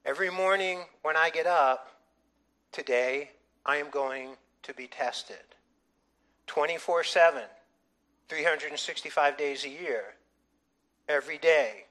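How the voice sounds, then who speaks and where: A middle-aged male pastor preaching a sermon, telling stories in an animated, emphatic way with frequent restarts. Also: fairly high pitch.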